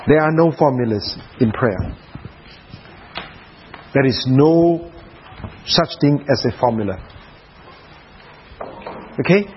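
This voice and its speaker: A man preaching a sermon at a prayer retreat, dramatic, dropping to soft hushed passages. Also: mid-range voice, lively intonation, slow pace, pauses often, dull audio, a little hiss or hum.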